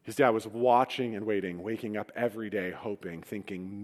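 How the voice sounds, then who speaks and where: Pastor preaching in an echoing hall. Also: male voice, lowish voice, normal speed. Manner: storytelling with humorous asides. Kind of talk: sermon. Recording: long reverb of a large hall.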